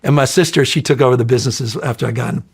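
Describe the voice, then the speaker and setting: A middle-aged man talks in a gravelly, husky voice at an average pitch. He tells stories in a loose, profane, animated way and puts on loud voices for the people he quotes. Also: racing. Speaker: interview guest. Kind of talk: casual storytelling chat.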